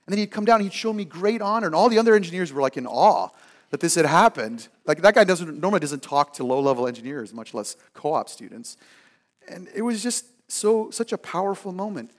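High-voiced man preaching with animated swings. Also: fairly quick. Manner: animated, swings between loud emphasis and hushed asides; acts out the people in his stories. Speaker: pastor. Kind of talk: sermon with personal storytelling.

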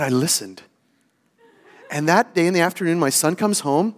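A man's voice: on the high side, animated, normal speed, long pauses. A middle-aged male pastor preaching a sermon built around a personal story, self-mocking and often laughing.

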